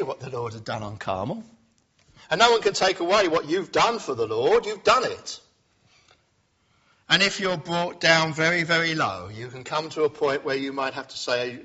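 Bright-voiced male preacher, lo-fi recording. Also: breathy edge. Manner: reflective, rises to emphasis then drops low and quiet. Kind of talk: sermon. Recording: dull lo-fi sound.

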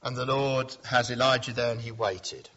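Man, preacher, sermon, bright forceful tone, rises and drops to quiet, dull lo-fi sound. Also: fairly even intonation, moderate pace. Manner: reflective, rises to emphasis then drops low and quiet.

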